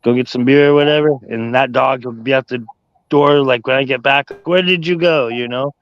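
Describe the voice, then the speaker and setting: A man's voice: mid-range voice, little pitch movement, brisk, smooth. Man, chatty and rambling, muffled lo-fi sound. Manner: rambling, peppered with "you know". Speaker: dog owner in conversation. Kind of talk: casual chat. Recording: dry, dull lo-fi sound.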